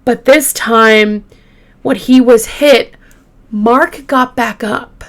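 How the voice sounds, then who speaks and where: Slow, emotional true crime storyteller woman. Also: a little high, a bit bright. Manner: conversational, halting, with frequent fillers and restarts; openly emotional, lingering on grim details. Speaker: true crime podcast host.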